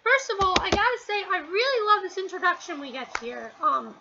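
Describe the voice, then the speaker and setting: A woman's voice: very high voice, brisk, gravelly, muffled recording, heavy background noise. A woman from New Jersey chatting casually in a review, rambling and hesitant with lots of fillers.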